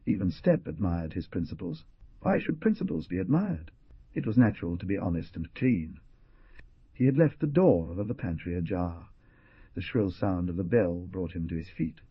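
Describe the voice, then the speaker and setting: An expressive male narrator reads dramatically, his low, husky voice rising and falling a lot. The recording is dry and dull, with a lo-fi band. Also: moderate pace, no room sound. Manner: expressive, theatrical. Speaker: audiobook narrator.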